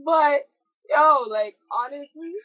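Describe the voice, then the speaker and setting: A young woman, co-hosting a casual podcast chat in an animated, opinionated, slangy way. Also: sits high, takes it slowly, dry recording, highs cut off. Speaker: podcast co-host.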